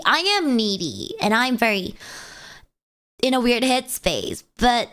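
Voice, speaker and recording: A woman talks to her stream while crying, her voice smooth and a touch higher than most. She speaks haltingly and self-consciously, with many pauses. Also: big pitch swings, a bit bright. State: tearful, crying. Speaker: VTuber streamer. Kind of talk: casual chat stream.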